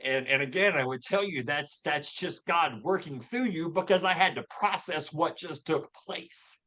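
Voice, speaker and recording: At a moderate pace and with a sharp tone, a fairly high-voiced man tells his personal faith story. He's in his fifties, from Louisville, Kentucky, and speaks earnestly as a podcast guest in a casual interview, restarting often and using fillers.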